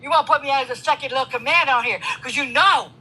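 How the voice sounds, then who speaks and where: A woman arguing heatedly on a live stream, profane and confrontational, with loud outbursts. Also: sits high, quick pace, rough recording. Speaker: guest caller.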